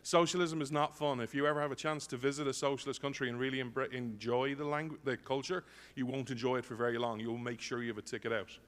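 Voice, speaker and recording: A man's voice: medium pitch, fairly even intonation, fast talker, few pauses, a bit bright. A man emceeing on stage, apologizing for a delay and filling the time with jokes in a chatty way. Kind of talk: joke-telling stage banter. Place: large conference hall. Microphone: stage microphone. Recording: long hall reverb.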